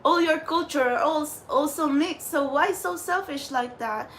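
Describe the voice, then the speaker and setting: Angry and swearing, a spirit-message channeler rants off the cuff on her vlog, saying "like" over and over. She speaks at a moderate pace in a high, slightly bright voice, with a little hiss or hum in the audio.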